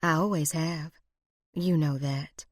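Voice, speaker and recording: A woman voicing a scheming, flirtatious frontier woman outlaw with a slow, purring, teasing drawl. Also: low-pitched, fairly even intonation, no echo, clean studio sound. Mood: sly.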